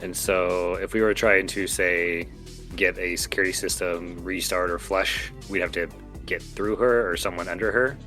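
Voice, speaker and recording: Man player, lowish voice, casual and inquisitive, soft music underneath. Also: steady tone, normal speed. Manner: inquisitive, planning questions. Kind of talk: casual tabletop play.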